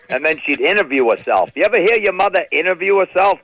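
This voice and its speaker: A man's voice: fairly high pitch, quick pace, hardly any pauses, low-quality recording. A middle-aged man doing stand-up comedy, telling family stories and slipping into impressions of his relatives. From New England. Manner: animated, slips into impressions of relatives.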